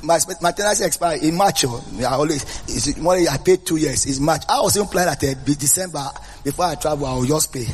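A man's voice: on the high side, fast talker, hardly any pauses, faint music behind. Emphatic preaching man. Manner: emphatic, repetitive preaching with storytelling. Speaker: pastor. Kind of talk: sermon.

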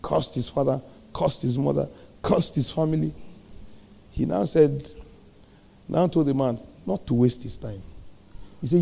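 A man preaches with a gravelly, rough edge to his fairly high voice. His tone is dark and mellow rather than bright. He drives the sermon with rhetorical questions and sudden swings from loud to hushed. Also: unhurried, long pauses.

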